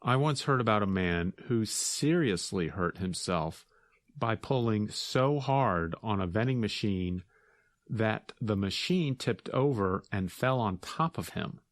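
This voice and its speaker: A man hosting an English learning podcast, explaining words in a deliberate, carefully enunciated way. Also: lowish voice, expressive, no room sound. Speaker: podcast host, English teacher. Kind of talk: slow, clear teaching explanation.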